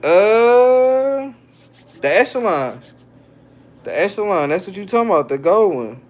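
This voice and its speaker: Hosting a casual livestream, a man reads viewer comments aloud and answers them in loose slang. His voice sits high, very animated and a little fast.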